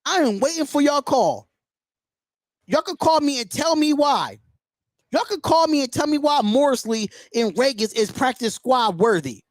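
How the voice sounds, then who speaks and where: A high-pitched man hosting a live sports call-in show, worked up and indignant, hammering the same points again and again. The sound is dry and close, with no room around it. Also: animated, a little slow, no echo. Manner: indignant, emphatic, repeats himself. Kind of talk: sports talk livestream rant.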